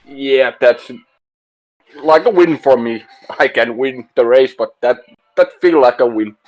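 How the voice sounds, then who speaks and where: A man, a sim racing driver, giving a halting post-race interview in simple phrases. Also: mid-range voice, darkish tone, dull audio.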